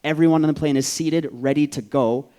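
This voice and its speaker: A man, from Vancouver, telling a personal story on stage in an animated, profane way, acting out the voices. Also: fairly high pitch, brisk, clean tone. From Vancouver, Canada.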